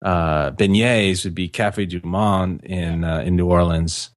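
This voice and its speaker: A man's voice: low-pitched, fairly even intonation, a little slow, dry recording, studio quality. A man co-hosting a casual podcast chat, rambling with lots of fillers and restarts. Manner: rambling, many fillers and restarts, laughs easily. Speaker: podcast co-host.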